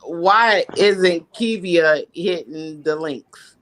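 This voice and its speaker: A tipsy woman calling into a live-stream chat, talking slowly and bluntly with slang. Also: on the low side, a bit bright. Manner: slow, blunt, slangy talk. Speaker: caller.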